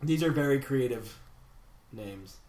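Lively young man on a gaming podcast. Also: mid-range voice. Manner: animated, slow announcer drawl for standings. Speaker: podcast co-host. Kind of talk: casual gaming podcast chat. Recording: echoey room.

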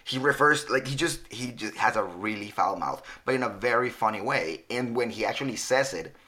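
A man in casual podcast chat who often restarts sentences and paraphrases quickly. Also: medium pitch, expressive, pushed and bright.

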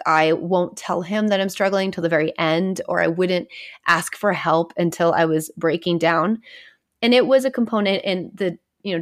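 A woman in her thirties, a therapist hosting her own podcast, talking candidly and conversationally on her own, sometimes dropping to a near whisper. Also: on the low side. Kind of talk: casual solo podcast talk.

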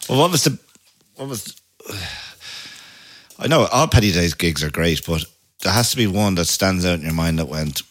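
A man's voice: low-pitched, animated, moderate pace, pauses often, a bit bright. A man chatting casually with his father, asking prompting questions. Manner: prompting questions, brief affirmations. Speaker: interviewer, son of the guest. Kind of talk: casual chat.

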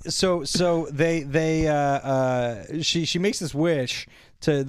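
A man's voice: a little high, fairly even intonation, slow pace, clear, resonant tone, dry recording, studio quality. A man co-hosting a casual comedy chat, wryly mocking a movie and acting out its lines in funny voices. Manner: wry, mocking, acts out quotes in funny voices. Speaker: podcast co-host reviewing a movie.

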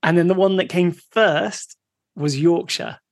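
A man co-hosting a casual podcast, easygoing and quick to laugh as he shares facts. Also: high voice, gravelly. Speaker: podcast co-host.

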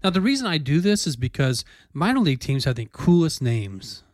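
A man's voice: a little high, sing-song, fairly quick, no room sound, clean studio sound. A man hosting a podcast in casual banter, joking and laughing easily, often restarting his sentences. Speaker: podcast host.

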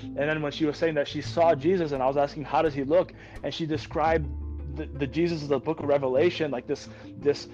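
Veteran man guest, earnest and excited storyteller, muffled lo-fi sound under faint music. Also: a little high, fairly quick. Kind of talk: conversational podcast interview.

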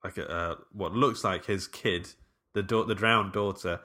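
A man's voice: sits low, fairly even intonation, a little slow, pushed and bright. A man in casual film podcast chat, telling the story loosely and laughing a lot. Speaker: podcast co-host.

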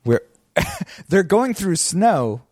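A man's voice: sits high, big pitch swings, extremely slow, darkish tone, slightly rough, no room sound, studio quality. A man co-hosting a podcast, casually recapping a show scene by scene with wry jokes and laughter. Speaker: podcast co-host.

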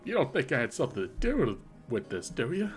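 During a tabletop game, a man plays a shifty henchman who stammers, hesitates and fawns over his boss, evasive and full of "uh." His mid-range voice swoops wildly in pitch at a fairly quick pace, with faint music in the background.

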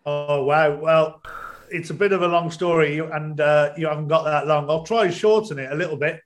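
A man's voice: on the high side, fairly even intonation, moderate pace. A man, a stadium announcer and guest, telling his story at a casual pace with many fillers. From England. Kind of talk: casual interview chat.

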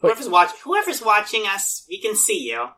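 Bright, lively woman playing a tabletop game. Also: medium pitch, normal speed. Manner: hesitant, friendly in-character talk. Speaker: player. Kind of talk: tabletop role-play.

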